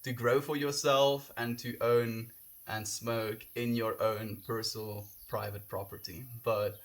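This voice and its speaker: A man's voice: medium pitch, little pitch movement, unhurried. Gushing man streaming live. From South Africa. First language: Afrikaans. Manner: gushing, heartfelt, reads chat comments aloud. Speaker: livestreamer. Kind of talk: casual live-stream chat. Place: outdoors, windy.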